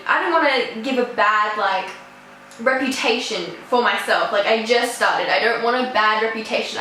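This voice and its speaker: Teen girl rambling thru a story, lots of "like", sharp bright voice. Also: high voice, a little hiss or hum. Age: teens. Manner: chatty, rambling, full of "like". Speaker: vlogger. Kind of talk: casual storytime. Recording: echoey room.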